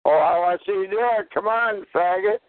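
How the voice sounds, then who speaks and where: A man hurling short, abusive heckles. His voice is gravelly with heavy fry, and it has a dry, narrow phone-line sound. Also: high voice, a little fast, no room sound.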